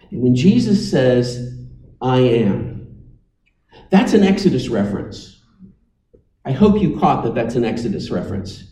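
A man's voice: mid-range voice, warm tone, distant mic. Emphatic preacher man in an echoey room. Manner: emphatic, dramatic pauses, invites congregation to repeat. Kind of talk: sermon.

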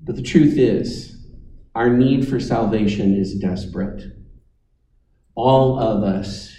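A man's voice: on the low side, slow, mellow, echoey room, far from the mic, low-quality recording. A man preaching a sermon, telling stories with dry, wry humor. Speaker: pastor.

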